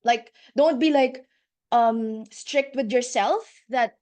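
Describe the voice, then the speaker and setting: A woman's voice: on the high side, slow pace, a little mellow. A woman life coach hosting a workshop on a video call, effusive and gushing, laughing often and repeating her words.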